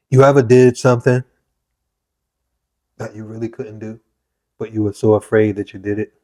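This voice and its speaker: Host type: lowish-voiced man, animated storyteller, dry close sound. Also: moderate pace, pauses often, no echo. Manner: animated storytelling, acts out quotes. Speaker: podcast host. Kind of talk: casual conversation.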